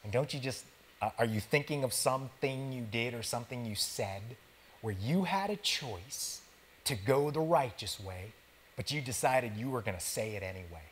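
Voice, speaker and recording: A man gives a sermon in a relaxed, conversational tone, speaking straight to the congregation as if chatting with friends. His wording is casual and slangy, and his pitch sits in the middle of a man's range. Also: normal speed, a little hiss or hum. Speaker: pastor.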